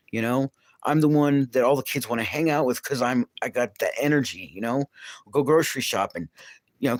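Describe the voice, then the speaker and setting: A man's voice: medium pitch, no room sound. A man in his late fifties hosting a live stream, talking in a blunt, rambling way and laughing between his stories. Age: late 50s.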